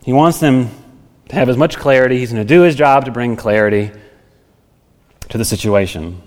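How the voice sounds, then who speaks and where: A male pastor preaching in an easy, conversational way, thinking out loud with homely examples. His mid-pitched voice rings out with a long hall reverb behind it. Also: normal speed. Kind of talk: expository sermon.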